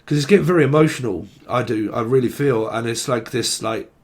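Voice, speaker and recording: A man's voice: medium pitch, fairly quick. A man giving a solo tarot reading, rambling and full of fillers. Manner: rambling, heavy on fillers, acts out quoted messages. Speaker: tarot reader.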